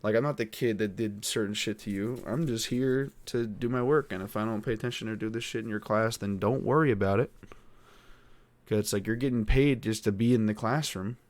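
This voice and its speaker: A man's voice: fairly low pitch, fairly quick, darkish tone, no room sound. A teenage boy hosting a podcast, venting in a frustrated, rambling way with lots of swearing. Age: teens. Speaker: podcast host. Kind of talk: casual venting monologue.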